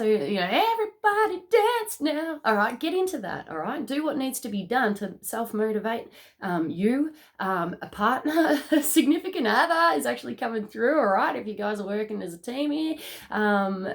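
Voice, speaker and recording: Excitable woman giving a card reading. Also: lowish voice. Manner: excitable, laughs often, checks in with "okay?". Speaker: tarot reader. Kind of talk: casual spiritual card reading.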